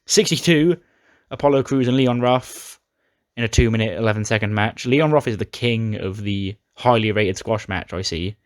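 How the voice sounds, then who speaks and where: A man with a somewhat low voice talks through his wrestling sim playthrough in a casual recap. He tells the storylines with chatty, dramatic flair, and his voice sounds dry and close to the mic. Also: moderate pace, no echo. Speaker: gaming YouTuber.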